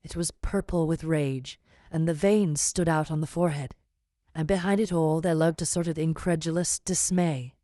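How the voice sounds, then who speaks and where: A woman narrating a classic novel as an audiobook, telling the story calmly and evenly. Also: low voice, moderate pace, no echo, clean studio sound. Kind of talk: scripted narration.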